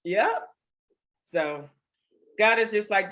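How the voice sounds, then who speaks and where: Interviewer and board member, upbeat, emphatic, quick to laugh. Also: medium pitch, a bit bright. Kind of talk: conversational interview.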